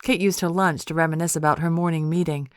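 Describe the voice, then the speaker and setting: Female audiobook narrator, measured, lowish dry voice. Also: fairly even intonation, clean tone, no room sound.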